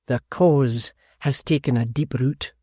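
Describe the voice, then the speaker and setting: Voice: medium pitch, slow pace, darkish tone, no echo, clean studio sound. An audiobook narrator voicing a zealous nobleman who speaks grandly and with self-satisfaction. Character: zealous lordly political leader.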